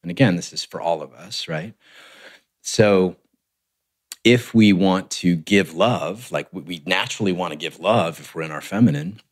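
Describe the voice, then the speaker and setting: A man, a relationship coach, explaining in a measured way on a podcast and often checking in with "right?". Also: low voice. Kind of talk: conversational podcast interview.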